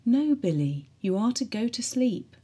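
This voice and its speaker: A woman's voice: fairly high pitch, big pitch swings, a little slow, dark tone, slightly rough, voice pushed up, exaggerated voice. A woman voicing a firm but soothing ward sister.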